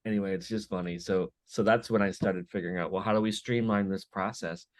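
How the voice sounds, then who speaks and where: A man on a podcast as a guest, chatting casually and telling animated stories with little acted-out bits of dialogue. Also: low voice, fairly quick, dry recording. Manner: animated storyteller who acts out little dialogues. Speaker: podcast guest, business owner. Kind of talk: casual conversation.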